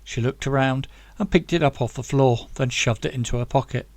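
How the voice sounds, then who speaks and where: A man reading his own novel aloud in steady, dramatic audiobook narration. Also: mid-range voice, brisk, dry recording.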